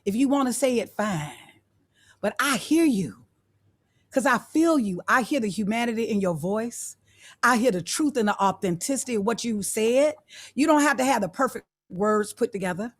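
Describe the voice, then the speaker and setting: Woman guest speaker, fairly high voice, affirming motivational tone, repeats phrases, video call. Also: expressive, moderate pace. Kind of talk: motivational talk to students.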